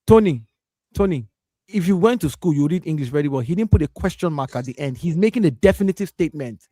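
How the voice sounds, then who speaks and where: A man's voice: a little high, lively intonation, quick pace, dark tone, no echo. A man arguing his point in a heated football debate, insistent and repeating himself when cut off. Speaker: co-host of a football talk stream.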